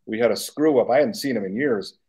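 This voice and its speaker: A man's voice: mid-range voice, a little fast, dark tone, slightly rough. Sixties male guest; chatty, meandering anecdotes, frequent restarts and chuckles. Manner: rambling, self-correcting, chuckling. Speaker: guest makeup artist. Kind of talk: casual anecdotal storytelling.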